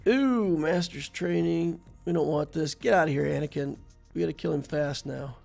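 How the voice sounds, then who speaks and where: Gravelly-voiced man commentating a game. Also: on the high side, normal speed, faint music behind. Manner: thinks aloud while playing, relaxed and chatty, talks to the viewer. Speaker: game channel host. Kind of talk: casual gameplay commentary.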